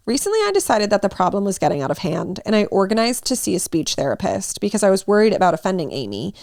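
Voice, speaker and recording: A woman's voice: medium pitch, sing-song, fast talker, vocal fry, a little mellow, no echo, clean studio sound. A young woman co-hosting a podcast, reading a story aloud and chatting casually with swearing and laughter. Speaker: podcast co-host.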